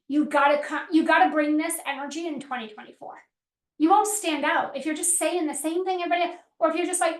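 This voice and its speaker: Woman coach, high voice, emphatic and repetitive, roomy echoey sound. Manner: emphatic, repetitive, acts out quoted pleading. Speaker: business coach. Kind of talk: live workshop teaching. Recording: roomy echo.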